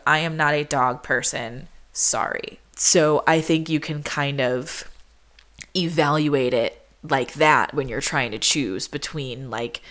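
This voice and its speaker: A woman's voice: sits low, a bit bright. A young woman hosting a podcast, talking casually and chattily with lots of "like", acting out what people said. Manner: chatty, peppered with "like", acts out quotes. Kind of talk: casual chat.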